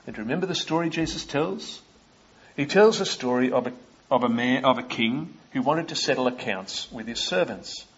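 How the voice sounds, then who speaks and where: A man with a husky voice preaches a sermon and retells old stories with lively questions to his listeners. The recording sounds dull and lo-fi. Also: mid-range voice, moderate pace. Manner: storytelling, asking the listeners questions.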